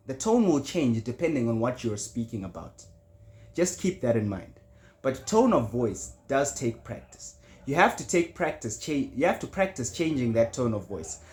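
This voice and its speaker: A young man coaching viewers on public speaking in a loose, unscripted way. His voice sits at a middling pitch but swings widely, rising and dropping to stress his points. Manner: animated, shifts pitch and loudness for emphasis. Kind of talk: casual spoken tutorial.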